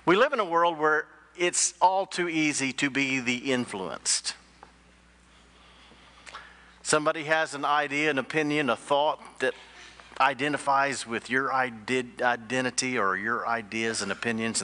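Casting: sharp, bright-toned male pastor, joking sermon storyteller. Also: mid-range voice, measured pace. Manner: joking storyteller who quizzes the congregation.

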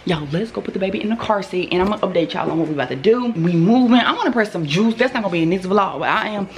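A woman's voice: mid-range voice, animated, racing. Chatty young woman vlogging. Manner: chatty, joking, addresses viewers as y'all. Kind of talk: casual vlog chat to camera. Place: home and car.

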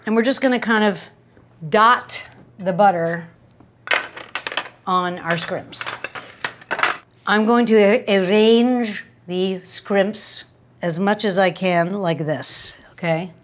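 A woman's voice: medium pitch, slow, pauses often, noisy background. Chatty woman host, home kitchen demo, wry asides, mid-range voice. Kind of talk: casual cooking demonstration.

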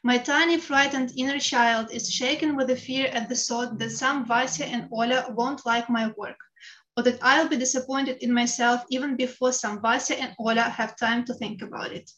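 A woman's voice: on the high side, fairly even intonation, moderate pace, a bit bright, dull audio. A woman with a Ukrainian accent reads her own personal essay aloud in a frank, wry way, swearing bluntly. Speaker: writer reading her own piece.

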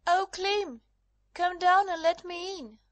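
A woman's voice: extremely high pitch, steady tone, slow pace, a bit bright, no echo, full character voice. A woman voicing a frightened young wife who talks breathlessly and urgently in a dramatized audiobook. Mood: pleading.

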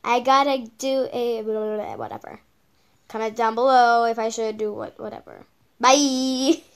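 A woman's voice: fairly high pitch, expressive, moderate pace, clear, resonant tone. A female channel host giving casual reaction commentary on videos, rambling with lots of repeated okays and ums.

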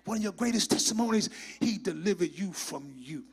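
A high-pitched male pastor with a gravelly, husky edge to his voice delivers a sermon in a church. He swings between shouted, fervent passages and quiet, near-whispered asides. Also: lively intonation, a little fast. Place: church sanctuary.

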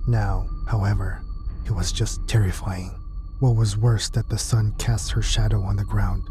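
A man with a fairly low voice reads a scripted horror tale in a steady, measured way. Clear music plays underneath his narration. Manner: steady, measured storytelling delivery. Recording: clean narration with music bed.

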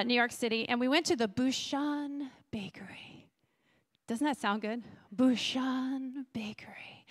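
A woman's voice: high-pitched, fairly bright tone. A woman pastor preaching a sermon in a chatty, bubbly way, laughing often and asking the congregation questions. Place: church sanctuary.

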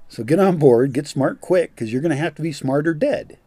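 A man's voice: a little high, warm tone, no echo. An older man giving a blunt, profane monologue as a vlogger, scornful and direct. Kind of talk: ranting monologue.

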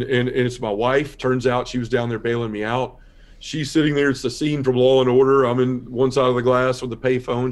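A man shares his life story as a podcast guest. He speaks in an earnest, quiet, heartfelt way, like someone giving a personal testimony. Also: medium pitch.

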